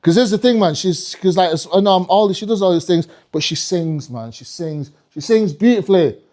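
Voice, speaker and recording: A man from the UK performing a live stand-up comedy set, animated and swearing, with a stage mic in a comedy club. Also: high voice, a little fast. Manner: animated, swearing, slips into mock French voices.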